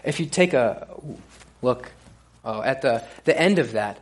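A man's voice: mid-range voice, a little slow. Male preacher, casual sermon, loose and chatty, lots of ums and restarts. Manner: casual, relaxed delivery with frequent fillers and restarts. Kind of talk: conversational sermon.

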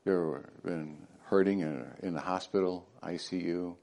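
A male pastor preaching a sermon, swinging between loud emphatic lines and hushed near-whispers, with joking asides to the congregation. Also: deep voice, fairly even intonation, normal speed.

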